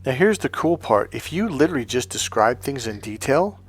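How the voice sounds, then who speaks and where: A middle-aged man teaching dating advice in a casual, blunt way, swearing often and telling animated stories. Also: medium pitch, moderate pace, slightly rough, soft background music. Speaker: dating coach. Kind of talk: casual spoken lesson.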